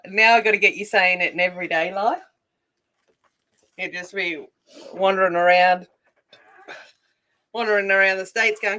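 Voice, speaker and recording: An Australian woman hosting a casual colouring livestream. She chats while she works, greets viewers by name and thinks out loud. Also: medium pitch, steady tone, normal speed, long pauses. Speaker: adult colouring livestream host.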